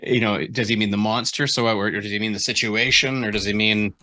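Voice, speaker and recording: Speaking a little fast with a pushed, bright tone, this man has a fairly low pitch and fairly even intonation. He's a writing mentor on a casual call critiquing a writer's story chapter, wandering and restarting his sentences while he thinks aloud.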